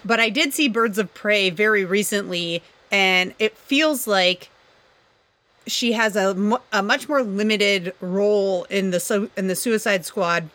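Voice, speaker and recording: A woman's voice: medium pitch, unhurried, fairly bright tone. A woman co-hosting a casual chat, rambling and sarcastic, often laughing.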